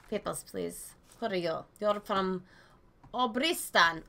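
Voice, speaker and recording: A woman does a let's play, commenting casually on a video game, swearing freely, and yelling mock-official orders at characters. She haltingly reads on-screen text aloud in a medium-pitched, creaky voice, and the recording is very noisy.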